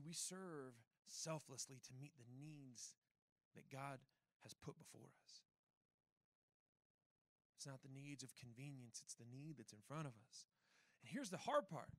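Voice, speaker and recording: A man's voice: on the high side, no room sound. A male pastor preaching a sermon, telling stories with rhetorical questions. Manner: animated storytelling with rhetorical questions. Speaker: church pastor.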